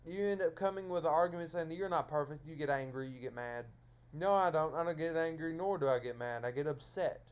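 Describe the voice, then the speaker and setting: A man's voice: fairly high pitch, brisk, clear, resonant tone. A man lecturing his viewers in a solo stream monologue, scolding them over and over in repetitive phrases.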